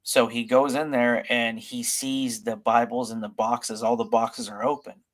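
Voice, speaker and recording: A male podcast host talks through a long story in a relaxed, meandering way. He leans on fillers and restarts as he goes, at a middling pitch. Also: a little slow. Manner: rambling, filler-heavy retelling. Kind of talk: casual storytelling.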